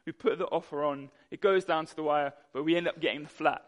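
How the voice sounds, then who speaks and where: A young man preaching a sermon, telling a personal story in a lively way and acting out the voices in it. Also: on the high side, fast, muffled recording. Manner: animated storytelling, acts out voices. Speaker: pastor.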